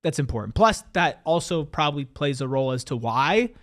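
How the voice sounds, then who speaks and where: A man co-hosting a sports show, talking in a casual, animated and emphatic way, with slang. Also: a little high, a little fast, dry recording. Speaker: sports podcast co-host.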